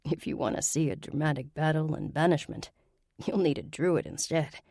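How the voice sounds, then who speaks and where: A woman's voice: sits low, moderate pace, warm tone, no room sound, clean studio sound. A woman voicing an amused, knowing male mage who patiently explains things.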